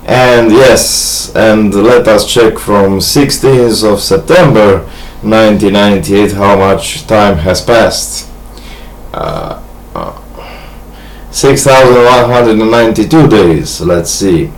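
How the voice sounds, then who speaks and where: Halting, grandiose man. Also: lowish voice, rough recording. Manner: hesitant, halting, many restarts and fillers; grandiose, earnest monologue. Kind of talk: rambling personal video message.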